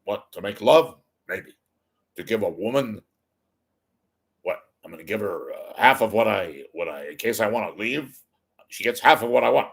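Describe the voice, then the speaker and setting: A man's voice: lowish voice, animated, normal speed, vocal fry, fairly bright tone. A man doing an impression of a brash older male stand-up comedian, firing off exasperated rhetorical questions. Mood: kvetching.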